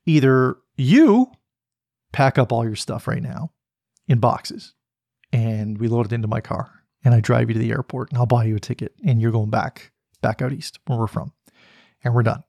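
Man playing a decisive young soldier, flat and firm, dry sound. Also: mid-range voice, moderate pace, creaky, no echo. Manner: matter-of-fact, firm. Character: blunt young male soldier, fed up and decisive.

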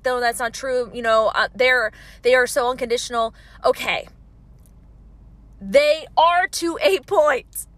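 A woman's voice: high-pitched, pushed and bright, no room sound. A woman in her thirties hosting a motivational monologue, passionate and emphatic, repeating her key points. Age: 30s. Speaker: podcast host.

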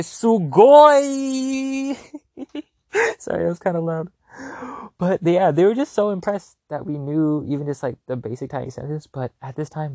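A chatty vlogger tells a trip story in loose, rambling talk, packed with "like" and casual cursing. The voice sits at a middling pitch, and the recording is close and dry with no room sound. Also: mellow, no room sound. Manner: chatty, filler-heavy with constant "like", casual swearing; loose, self-correcting.

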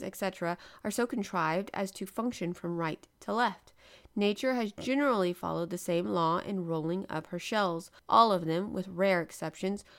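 A woman reading a novel aloud as an audiobook narrator, with a measured, expressive delivery that slows for emphasis. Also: on the low side.

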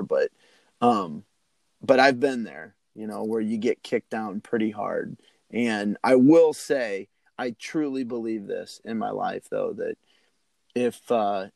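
Male host, rambling earnest pep-talk manner, some fry in the voice. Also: medium pitch, darkish tone, dry recording. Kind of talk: casual chat.

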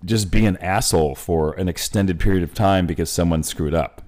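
Low-voiced man, blunt and profane. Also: a little fast, darkish tone. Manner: blunt, profane, jokey storytelling. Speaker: podcast co-host. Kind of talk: casual chat.

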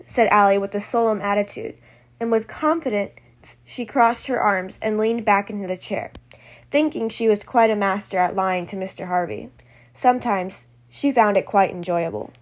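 A woman's voice: medium pitch, moderate pace. A woman reading her own story aloud in a plain way, turning casual with fillers when she chats off the script.

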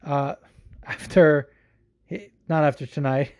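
A man talks through listener questions on his own podcast, swearing freely and restarting his sentences as he goes. His voice sits a little high, with a soft, mellow tone. He laughs often as he rambles. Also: little pitch movement, takes it slowly. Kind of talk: casual solo podcast chat.

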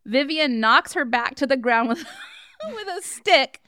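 A woman's voice: high voice, sing-song, a little slow, bright, forceful tone, no room sound, studio quality. A woman co-hosting a podcast, recapping a movie's plot in a casual chat, with laughing, sarcastic asides. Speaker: podcast co-host.

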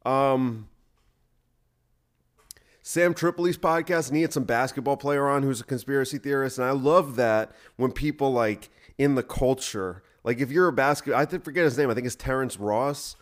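A man's voice: medium pitch, normal speed. Rambling, sarcastic male podcast host. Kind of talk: casual solo podcast monologue.

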